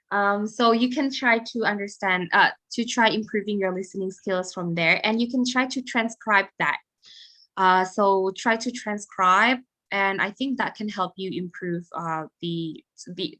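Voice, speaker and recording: A young woman with an Indonesian accent, a guest speaker answering questions in an online webinar, chatty and quick with many fillers. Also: medium pitch. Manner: chatty, quick, with fillers and soft trailing asides. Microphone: video call.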